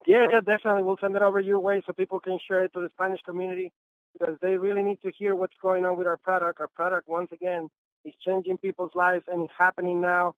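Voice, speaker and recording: A man's voice: high-pitched, little pitch movement, fast, no echo. Upbeat man on a tinny phone line. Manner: enthusiastic, repetitive. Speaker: guest sales leader on a conference call. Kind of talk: phone-in conference call testimonial. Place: Los Angeles.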